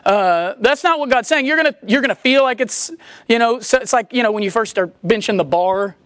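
A woman preaching a sermon in a conversational, animated way, acting out the voices she quotes. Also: a little high, brisk, no room sound.

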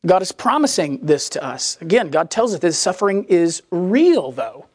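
A woman preaching a sermon in a conversational, animated way, acting out the voices she quotes. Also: fairly low pitch, moderate pace, husky, no echo.

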